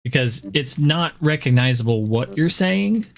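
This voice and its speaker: A man's voice: fairly high pitch, lively intonation, a little slow, vocal fry. A man streaming and chatting casually, joking and laughing often. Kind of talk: casual chat.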